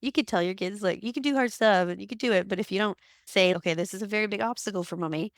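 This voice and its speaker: A woman in her thirties, a guest on an interview, telling lively stories, laughing often and acting out what people said. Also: mid-range voice, fast, no room sound. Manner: animated storytelling, laughs often, acts out quotes. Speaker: guest, occupational therapist. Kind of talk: casual interview chat.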